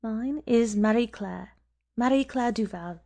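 A shy, careful woman, as a storyteller puts her on, speaking slow, tidy English. Her voice is a little higher than the narrator's but keeps its mellow, gravelly tone. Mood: eager, polite. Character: shy, careful French woman, middle-aged.

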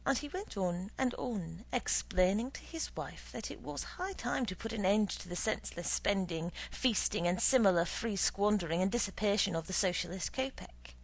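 Lively woman narrating a story. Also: mid-range voice, normal speed, creaky, hardly any pauses, low-quality recording. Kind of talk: storytelling read-aloud.

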